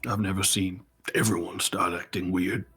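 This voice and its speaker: Deep, husky man giving firm warnings. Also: little pitch movement, normal speed, sharp tone. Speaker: tabletop player. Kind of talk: in-character talk in a tabletop game.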